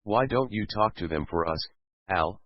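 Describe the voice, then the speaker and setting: A man playing a calm, patient scientist. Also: lowish voice, normal speed, no room sound. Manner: gentle, explaining. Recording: dull lo-fi recording.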